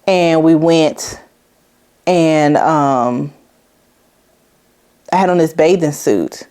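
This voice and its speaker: A woman's voice: sits low, extremely slow, dark tone, smooth. A woman in her forties hosting a podcast, telling a personal story in a blunt, profane, conversational way with slang, getting emotional and laughing through hard memories. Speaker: podcast host.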